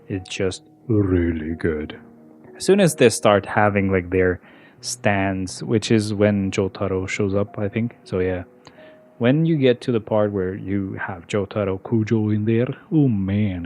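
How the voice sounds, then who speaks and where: A man's voice: on the low side, a little mellow. A young man from Albania, chatting casually and profanely with viewers while he plays. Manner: rambling, profane, answers chat between moves. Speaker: streamer. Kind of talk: casual gameplay chat with viewers.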